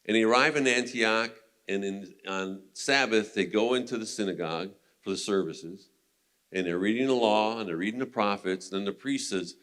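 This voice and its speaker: A man's voice: on the low side, moderate pace, a bit bright. A man teaching a men's Bible study in a casual, conversational way, retelling scripture stories and laughing now and then.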